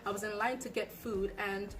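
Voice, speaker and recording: A woman's voice: mid-range voice, steady tone, moderate pace, a bit bright. A young woman who moved to the United States, giving chatty, casual advice to camera with lots of fillers. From abroad, migrated to the United States. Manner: chatty, storytelling, many fillers. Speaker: vlogger.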